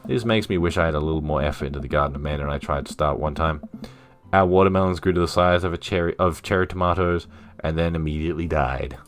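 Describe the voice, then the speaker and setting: A man's voice: rumbling low, fast talker, soft background music. A man casually playing a dating game on stream, reading the narration and dialogue aloud with jokey asides.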